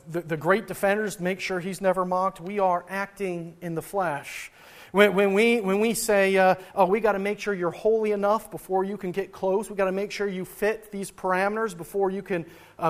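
A male pastor delivers a chatty sermon in a fairly high voice. He talks like he is telling friends a story, chuckling and stumbling over restarts as he goes. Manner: conversational, laughs at own stories, frequent restarts.

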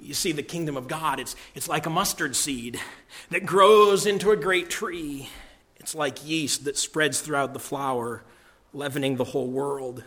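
Male pastor, sermon delivery, slightly raised pitch, emphatic with loud-to-hushed swings and repeated phrases. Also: unhurried.

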